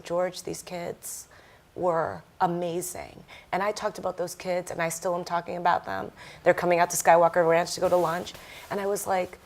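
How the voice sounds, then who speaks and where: A woman speaking as a panel guest, telling a story with lively acted-out quotes. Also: on the low side. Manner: animated, acts out quoted voices.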